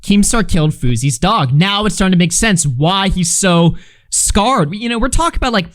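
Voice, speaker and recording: A man's voice: sits high, lively intonation, normal speed, fairly bright tone. A man live-streaming a casual reaction, swearing freely, laughing and reading chat messages aloud. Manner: loose, profane, laughing, reads chat aloud.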